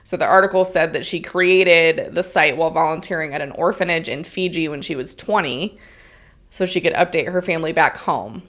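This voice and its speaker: A woman's voice: deep voice, fairly quick, a bit bright. A woman co-hosting a podcast in casual chat, reading from an article with frequent ums and likes. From Utah, United States. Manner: chatty, frequent "um" and "like". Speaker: podcast co-host.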